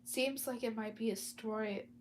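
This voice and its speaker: A woman's voice: a little high, steady tone, normal speed, slight background noise, natural voice. A woman voicing a grumpy old male shopkeeper in a read-aloud story, speaking curtly. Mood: gruff.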